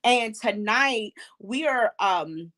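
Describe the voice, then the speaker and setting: Hyped-up high-voiced woman hosting a talk show. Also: lively intonation, slow, fairly bright tone. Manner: hyped, preacherly, with fillers. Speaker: host.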